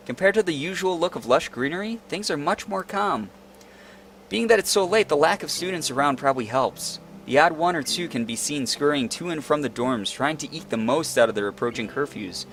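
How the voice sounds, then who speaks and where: A man's voice: on the high side, animated, a little fast, a bit bright, a little hiss or hum. A young man reading a visual novel aloud and adding playful, joking commentary, over faint guitar music. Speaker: let's play host.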